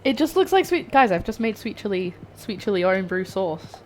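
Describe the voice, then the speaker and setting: A woman's voice: medium pitch, very animated, moderate pace, slight background noise. A young woman streaming herself cooking, chatting and rambling to her viewers while she works in her home kitchen. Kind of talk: live-stream cooking chat. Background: faint background music.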